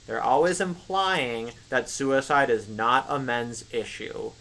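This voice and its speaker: A man's voice: medium pitch, slow, gravelly, bright, forceful tone, poor audio. A young man chatting casually, telling rambling stories full of "like" and "right?". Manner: rambling storyteller, many filler likes and rights. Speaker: English teacher of young kids; stream co-host. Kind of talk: casual chat.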